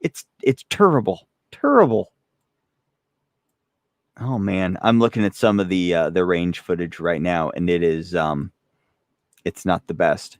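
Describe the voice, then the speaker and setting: A man's voice: low voice, fairly even intonation, normal speed, darkish tone, no echo, studio quality. A young man casually chatting on a live stream as a host, rambling and self-deprecating, often laughing while reading chat. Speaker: gun channel host.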